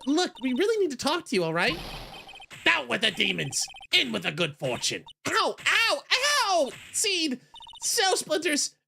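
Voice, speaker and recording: A man's voice: very high voice, wildly swooping pitch, unhurried, vocal fry, pushed and bright, slight background noise, pitched above the performer's own voice, exaggerated voice. A man voicing a grumpy old man who feeds pigeons, ranting and sputtering as he reads a visual novel aloud.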